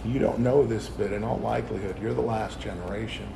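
Guy in his 40s preaching his own story to teens, halting and rambly, kinda noisy recording. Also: lowish voice, gravelly. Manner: candid and rambling, with halting restarts. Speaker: youth speaker. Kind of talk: personal testimony sermon. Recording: steady background noise.

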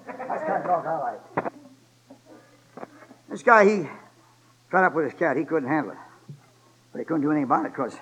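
A man in his seventies preaching a sermon in a folksy, joking way, telling stories and building up to loud exhortation. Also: a little high, lively intonation, fairly quick, long pauses, a little hiss or hum, low-quality recording. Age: 70s.

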